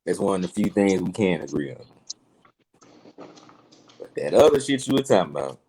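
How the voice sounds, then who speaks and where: A young man with a very deep voice co-hosts a casual podcast. He is a little tipsy and speaks emphatically, with heated, profane opinions. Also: very animated, normal speed, warm tone, slight background noise, low-quality recording. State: tipsy from drinking. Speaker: podcast co-host. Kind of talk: casual chat.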